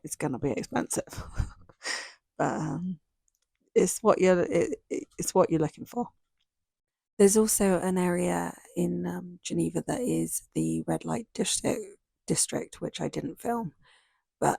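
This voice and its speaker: Chatty woman with a gravelly voice. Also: on the low side, a little mellow, dry recording, studio quality. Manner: chatty, rambling, laughs often. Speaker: travel vlogger. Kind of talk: casual travel recap.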